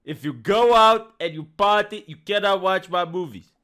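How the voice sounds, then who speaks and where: A man with a Romanian accent doing a weak impression of a gruff action-star man who bossily tells people to stay home. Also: high voice, lively intonation, moderate pace, bright, forceful tone. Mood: bossy.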